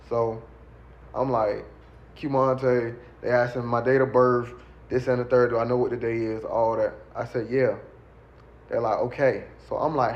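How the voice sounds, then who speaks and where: A man's voice: mid-range voice, level tone, normal speed, a little mellow, dull audio. A man telling his own story in casual street slang, rambling with many fillers.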